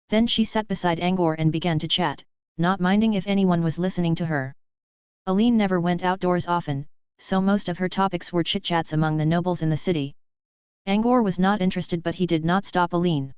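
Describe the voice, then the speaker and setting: A woman narrating an audiobook with a steady, even reading style. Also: fairly low pitch, clean tone, dry recording, lo-fi sound. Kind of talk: scripted narration.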